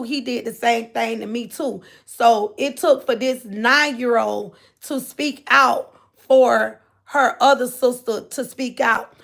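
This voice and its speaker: Woman streamer, high pitch, casual recap, filler words, chatty commentary. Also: gravelly, a bit bright. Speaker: commentator host.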